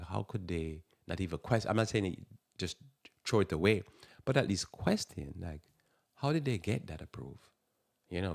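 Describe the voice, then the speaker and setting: A man's voice: deep voice, creaky, no echo, clean studio sound. A man hosting a live Christian morning radio talk show, rambling and restarting his sentences as he speaks. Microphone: radio studio mic.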